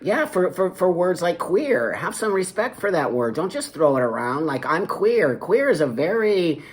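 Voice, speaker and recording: A man's voice: high voice, sing-song, normal speed. A man hosting a casual interview, earnest and affirming, with short supportive interjections. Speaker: host.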